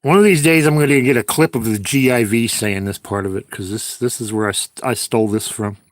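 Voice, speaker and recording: A man's voice: mid-range voice, brisk, no room sound, clean studio sound. A man chatting casually on a livestream while he edits video, talking to himself and to his viewers as he works.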